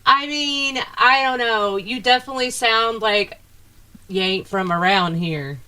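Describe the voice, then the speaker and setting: A woman's voice: fairly high pitch, unhurried, bright, forceful tone, clear, resonant tone. A woman with a Southern US accent, co-hosting an interview in a chatty way, swearing freely and drawing her words out. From American South. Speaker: co-host. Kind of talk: casual chat.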